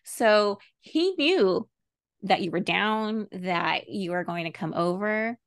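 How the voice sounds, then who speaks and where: A woman's voice: medium pitch, animated, takes it slowly, no room sound. A woman with a mid-range voice co-hosting a casual podcast. She backs up her friend and presses with pointed questions, her voice close and dry. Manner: supportive, asks probing questions. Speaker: podcast co-host. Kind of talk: casual chat.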